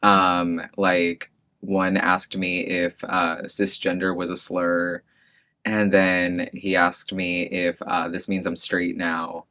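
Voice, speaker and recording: A man's voice: deep voice, monotone, takes it slowly, pushed and bright. A man in his thirties telling a personal story in an oral history interview, with many fillers and restarts and frequent laughter. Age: 30s.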